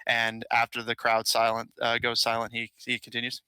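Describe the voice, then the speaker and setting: A man narrating a tabletop game as game master, casual and filler-heavy, with frequent pauses. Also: mid-range voice, monotone, pushed and bright, clean tone, no room sound, rough recording.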